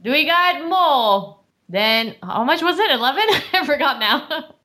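A woman's voice: high voice, animated, a little slow, bright, forceful tone. A woman calling bids in a casual auction game among friends, laughing often and sing-songing the calls. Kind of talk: casual podcast banter.

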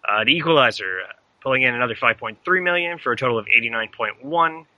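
A man co-hosting a casual podcast, reading weekend box office figures in a relaxed, offhand way. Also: medium pitch, fast, no echo, low-quality recording. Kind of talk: casual chat.

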